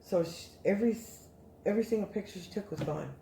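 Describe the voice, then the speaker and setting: A woman casually telling a story as a guest, animated and rambling with many restarts. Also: medium pitch, fast talker, gravelly, roomy sound, slight background noise.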